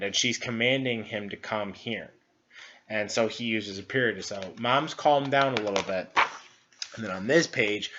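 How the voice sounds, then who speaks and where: Bright-voiced man teaching children. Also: mid-range voice, highs cut off. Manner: explains simply to children, many fillers. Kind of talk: children's book review for students.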